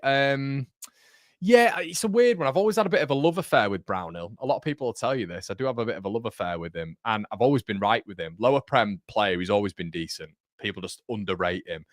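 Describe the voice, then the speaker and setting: Chatty lower-voiced man. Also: a bit bright, no echo, clean studio sound. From North East England. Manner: chatty, blokey, peppered with "mate" and "um". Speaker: fan channel host. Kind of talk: live watchalong commentary and chat.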